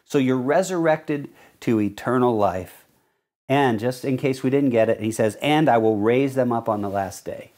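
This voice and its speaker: A man's voice: mid-range voice, a little mellow. Earnest male pastor preaching a sermon. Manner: earnest teaching, reads verses slowly and stresses key words.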